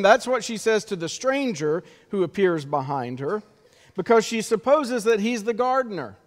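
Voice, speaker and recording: A male pastor delivering an Easter sermon in a slow, measured way with dramatic pauses, in a church sanctuary. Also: sits high, big pitch swings. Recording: long reverb of a church sanctuary.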